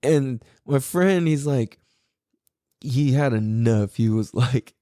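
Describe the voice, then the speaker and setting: A man's voice: mid-range voice, takes it slowly, dark tone, dry recording, studio quality. A man in his forties, hosting a podcast, telling a story in a casual, profane way and laughing often. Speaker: podcast host.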